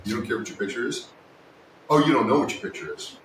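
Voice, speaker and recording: A man hosting a casual woodworking livestream, chatting and joking with his viewers, sometimes yelling, recorded in a workshop. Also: fast talker. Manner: joking, teasing, with sudden yells. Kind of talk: casual live-stream chat with viewers. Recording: echoey room, distant mic, faint rumble.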